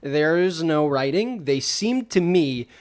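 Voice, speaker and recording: A man's voice: fairly high pitch, animated, slow pace. A man co-hosting a podcast, giving rambling, hedging explanations in casual chat. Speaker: podcast co-host.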